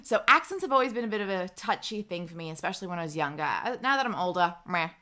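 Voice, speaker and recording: A woman's voice: fairly low pitch, sing-song, fast talker, pushed and bright. A young Australian woman with an Australian accent, hosting a livestream in casual chat and reading viewer comments aloud. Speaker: livestream host.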